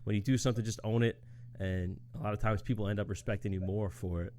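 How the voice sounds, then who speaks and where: Low-voiced laid-back male podcast host. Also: fairly even intonation, fast talker, mellow, a little hiss or hum. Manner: laid-back, swears freely, laughs often. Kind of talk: casual storytelling chat.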